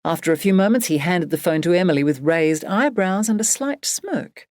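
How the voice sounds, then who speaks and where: A woman narrating an audiobook in a measured, expressive reading. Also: fairly low pitch, dry recording, studio quality. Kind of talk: scripted narration.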